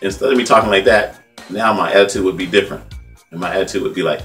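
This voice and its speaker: Male vlog host, 50s, from California: rambling heartfelt commentary, low voice, quick delivery, set back from the mic with faint music under it. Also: steady tone, a bit bright, distant mic. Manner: conversational, repetitive, heartfelt, says "man" often. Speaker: independent journalist and vlog host.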